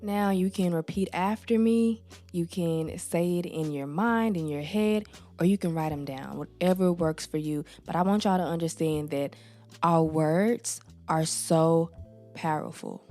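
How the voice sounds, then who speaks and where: A woman hosting her own podcast, talking calmly and slowly with a morning voice. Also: lowish voice, faint music behind. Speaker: podcast host. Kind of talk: soft-spoken affirmation talk.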